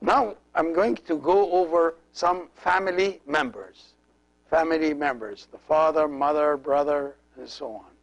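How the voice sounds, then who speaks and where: A middle-aged man, a priest, teaching a language lesson slowly and carefully, repeating each word for practice. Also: on the high side, creaky, rough recording.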